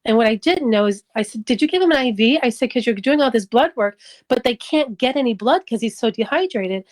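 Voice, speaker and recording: Woman, middle-aged, somewhat high pitch, interviewee, emotional testimony, acting out dialogue. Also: expressive, a little fast, low-quality recording. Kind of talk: personal testimony.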